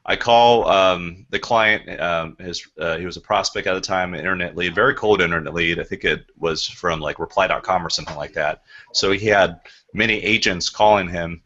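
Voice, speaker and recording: A man's voice: low-pitched, normal speed, bright, forceful tone, highs cut off. A man who is a real estate agent, telling a sales story in a training session and acting out phone calls.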